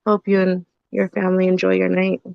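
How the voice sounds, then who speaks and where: A woman co-hosting a live podcast, telling stories in a chatty, animated way full of fillers. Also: fairly low pitch, a little fast, gravelly, dry recording, muffled recording. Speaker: podcast co-host. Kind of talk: casual live podcast chat.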